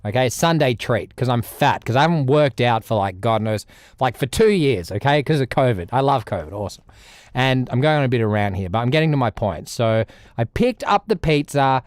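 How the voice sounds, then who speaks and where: A young Australian man chatting casually on a music livestream, rambling, with loud bursts and low mutters. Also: brisk, dry recording, clean studio sound. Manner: animated, rambling, swings between loud outbursts and mutters. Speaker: music streamer.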